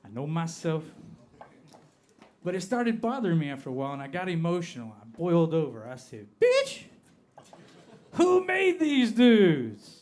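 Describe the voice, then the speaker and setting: Man, Appalachian American accent, stand-up comic, slightly high voice, deadpan, drawn-out punchlines, club stage mic. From Appalachia, United States. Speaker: stand-up comedian. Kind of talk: stand-up comedy set.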